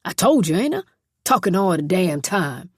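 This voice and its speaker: Woman voicing a gruff cruel male overseer. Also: lowish voice, very animated, normal speed, no echo, studio quality, voice pushed down, full character voice. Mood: scornful. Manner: coarse, threatening, speaks in rough dialect. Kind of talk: audiobook character voice.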